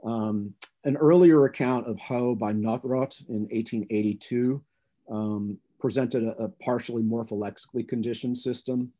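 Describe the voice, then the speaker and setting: A man giving an academic conference talk, explaining research in a measured, lecturing way. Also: medium pitch, steady tone, mellow. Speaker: conference presenter.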